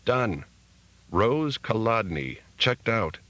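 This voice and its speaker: A man voicing a dead hacker's recorded mind, brisk, cheerful and blunt. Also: on the low side, very animated, fairly bright tone, full character voice. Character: brash male hacker ghost in a computer.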